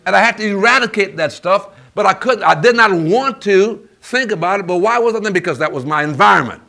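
Preacher, male, fairly high voice, swooping delivery, call-and-response sermon. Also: a little fast, gravelly. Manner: animated call-and-response preaching, asks for amens.

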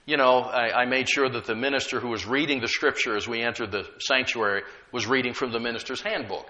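A man preaching a sermon as pastor, moving from quiet storytelling to loud, emphatic calls and checking in with the congregation. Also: mid-range voice, dull audio. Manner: talks directly to the congregation with call-and-response checks.

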